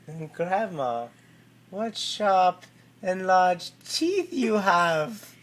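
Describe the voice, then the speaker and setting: A man playfully speaking fairy-tale dialogue to his dog with a drawn-out, mock-theatrical delivery. He speaks extremely slowly, and his tone is bright with an animated pitch. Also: slight background noise. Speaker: dog owner.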